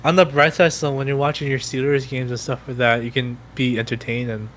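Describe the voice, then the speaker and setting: A man's voice: mid-range voice, level tone, fairly quick, a bit bright. Laid-back swearing man in casual chat. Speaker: podcast co-host.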